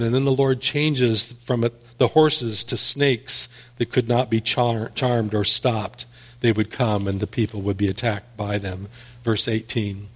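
A man's voice: fairly low pitch, husky. A man preaching a sermon, reading scripture aloud and then explaining it in plain words, with small restarts. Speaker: pastor.

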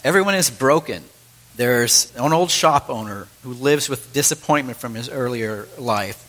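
A man's voice: mid-range voice, a bit bright, poor audio. A middle-aged man delivers a sermon to his congregation. His manner is easygoing and conversational, and he breaks off now and then to speak directly to his listeners. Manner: conversational teaching with asides to the congregation. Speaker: pastor.

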